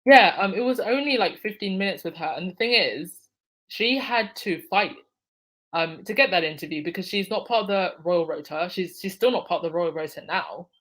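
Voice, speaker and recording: A woman's voice: fairly low pitch, moderate pace, fairly bright tone, poor audio. A woman hosting a casual live stream, reading out viewer comments and answering them by name, laughing often. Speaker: livestream host reading chat.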